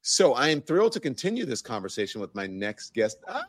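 A man's voice: mid-range voice, big pitch swings, brisk. A man hosting a news talk interview, speaking in a loose, conversational way. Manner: conversational, loose, restarts sentences. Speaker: host.

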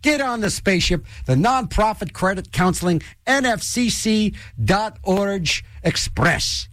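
An older man hosting a radio show, rambling and joking in a loose, animated way in a studio. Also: measured pace, dry recording. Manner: animated, rambling, jokey, restless pitch swings. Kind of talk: rambling radio host chat.

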